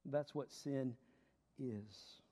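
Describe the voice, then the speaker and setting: A middle-aged male pastor preaching a sermon, dropping to hushed tones and rising to loud emphasis, asking his listeners questions and joking with them. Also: medium pitch, extremely slow. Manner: asks the congregation questions, jokes with them.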